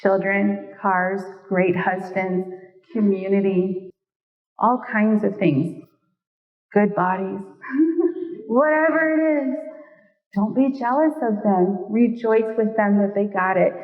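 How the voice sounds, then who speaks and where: A middle-aged woman gives a sermon with a friendly, conversational manner and playful asides to the crowd. Her voice sits at a middle pitch and sounds far from the mic. The hall adds a long, ringing reverb, and the recording is dull. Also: slow pace, long pauses. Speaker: Bible teacher.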